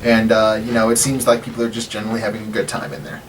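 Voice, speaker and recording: A man's voice: fairly low pitch, monotone, very fast. A man running a tabletop game as dungeon master, narrating loosely with many fillers. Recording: distant mic with background hiss.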